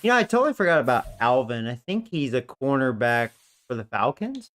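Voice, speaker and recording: A man's voice: medium pitch, sing-song, brisk, fairly bright tone. A man casually commentating a video game, rambling and joking with frequent laughs. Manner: rambling, jokey, laughs often. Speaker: gaming streamer.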